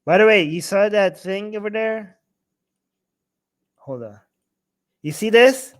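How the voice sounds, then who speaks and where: A man giving casual, animated reaction commentary while translating a video, often exclaiming and mimicking the lines he quotes. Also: high-pitched, slow pace, slight background noise.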